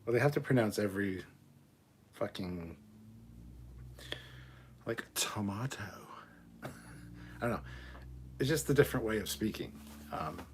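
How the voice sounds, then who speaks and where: A man's voice: lowish voice, animated, a little slow, pauses often, a little hiss or hum. A man hosting a casual livestream, reading chat aloud, swearing often and laughing between remarks. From Canada.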